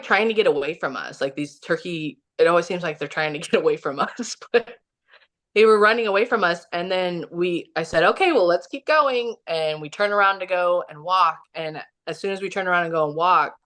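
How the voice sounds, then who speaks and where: A woman from Missouri telling a personal story as a podcast guest, animated and full of "like" fillers. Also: on the low side. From Kansas City, Missouri. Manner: animated, many "like" fillers, laughs often. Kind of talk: casual storytelling interview.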